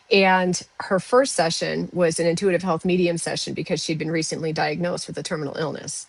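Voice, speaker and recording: A woman's voice: on the low side, no echo, low-quality recording. A woman who works as an intuitive health medium, telling a personal story casually to her viewers with lots of "like" and "you know". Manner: chatty, uses "like" and "you know" fillers.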